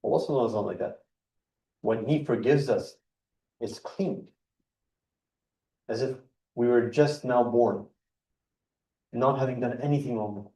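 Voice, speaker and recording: A man's voice: medium pitch, moderate pace, pauses often, warm tone. A man giving an earnest religious talk at a mosque gathering, explaining word by word and stressing each point. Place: mosque hall. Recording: echoey hall, mic heard from a distance.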